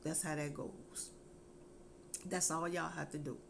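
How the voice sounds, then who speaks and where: Middle aged lady giving folksy parenting advice, kinda low voice, earnest, says stuff twice. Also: steady tone, creaky, slight background noise. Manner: earnest, folksy, repeats her points slowly. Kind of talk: casual heartfelt advice talk.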